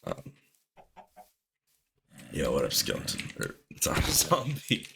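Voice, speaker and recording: A young man, hoarse from being sick, rambling casually over gameplay with lots of fillers. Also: extremely low pitch, wildly swooping pitch, a little slow, background noise. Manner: rambling, filler-heavy, jokey musings. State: hoarse from sickness. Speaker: gameplay commentator. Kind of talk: casual gaming commentary.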